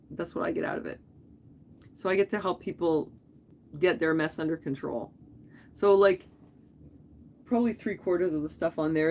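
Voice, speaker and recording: A woman hosting a casual live stream, talking in a rambling, chatty way that jumps from topic to topic. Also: lowish voice.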